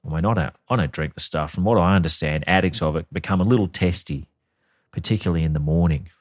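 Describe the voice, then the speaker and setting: Low-voiced and fast-talking, a podcast co-host delivers a sardonic, expletive-laden story on a casual comedy podcast, reading quotes aloud along the way. The sound is clean studio audio with no room sound.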